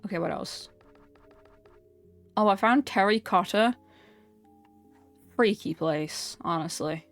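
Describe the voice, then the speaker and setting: A young woman streaming a game, chatting casually and excitably, often ranting and laughing. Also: medium pitch, slow pace, long pauses, faint music behind. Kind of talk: casual live-stream chat while playing.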